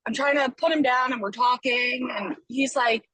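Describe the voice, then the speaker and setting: A woman telling a story in a casual voice memo, lively and acting out the things her small son said. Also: fairly high pitch, normal speed, hardly any pauses, breathy edge, dry recording, poor audio. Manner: animated, acts out quotes of her child. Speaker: listener sending a voice story.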